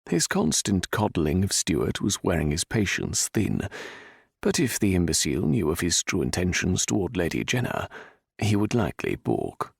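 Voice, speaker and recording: Low, gravelly male audiobook narrator. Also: very animated, normal speed, no room sound, studio quality. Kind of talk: scripted narration.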